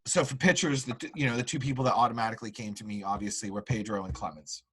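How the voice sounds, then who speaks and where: Speaking quickly with a breathy edge, this medium-pitched male host wanders through animated anecdotes on a casual sports podcast, leaning heavily on filler words. The recording sounds poor.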